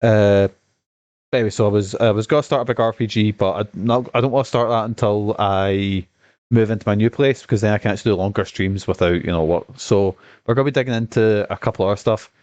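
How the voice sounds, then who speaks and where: A man commenting on a game during his stream, rambling, profane and excitable, with a cough. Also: fairly low pitch, fast talker, no room sound. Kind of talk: casual gaming stream commentary.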